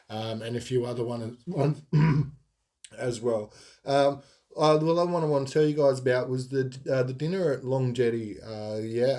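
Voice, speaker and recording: A man's voice: mid-range voice, warm tone. A man telling rambling stories in a casual monologue, full of ums and giggles. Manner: rambling, giggly, lots of fillers. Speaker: podcast host.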